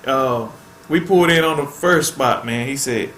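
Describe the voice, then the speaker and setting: A man's voice: fairly high pitch, expressive, normal speed, sharp tone, roomy sound. A man hosting a fishing channel, chatting casually to viewers in a laid-back way and tacking "man" onto nearly every phrase.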